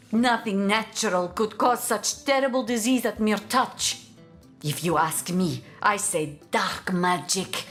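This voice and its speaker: A grumbling zealot in broken English. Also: female voice, on the high side, bright, forceful tone, heavily acted. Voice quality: foreign-sounding broken English, dropped articles. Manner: grumbling, bitter, vengeful. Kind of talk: video game voice acting.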